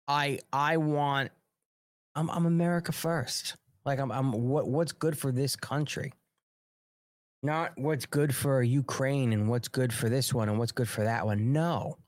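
A man with a strong Long Island New York accent hosts a live political commentary show. He talks bluntly and heatedly, rambling and restarting his sentences. His voice sits at an ordinary pitch and sounds dry and close. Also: dry recording.

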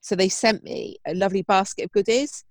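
A woman's voice: medium pitch, a little fast, dry recording. Woman, chatty, enthusiastic, podcast co-host, dry recording. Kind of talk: casual chat.

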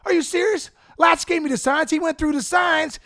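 A man voicing a brash male star ballplayer who talks about himself in the third person, in a high, exclaiming, slow drawl. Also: gravelly, bright, forceful tone, exaggerated voice. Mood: incredulous.

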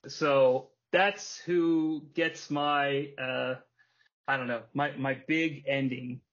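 A man hosting a casual podcast, telling a story with energy, putting on quick voices and laughing often. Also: mid-range voice. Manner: animated storytelling, acts out wrestler quotes and laughs often. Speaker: podcast host. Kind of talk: casual chat. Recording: dull lo-fi podcast audio.

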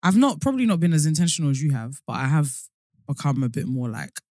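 Low-voiced animated woman. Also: no echo, clean studio sound. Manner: animated, laughs often, quick bursts of speech. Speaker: podcast co-host. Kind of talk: casual chat.

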